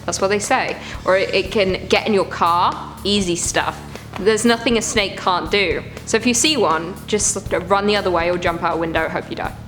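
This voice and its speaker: A woman's voice: mid-range voice, normal speed. Squeamish woman reacting over music. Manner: squeamish, groaning and exclaiming in disgust. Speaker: reaction video host. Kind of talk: casual reaction commentary.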